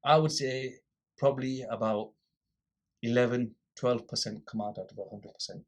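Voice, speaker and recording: Speaking at a moderate pace in a mid-range voice, this male podcast guest relaxes into a story. He's an animated storyteller who performs the characters and their back-and-forth lines.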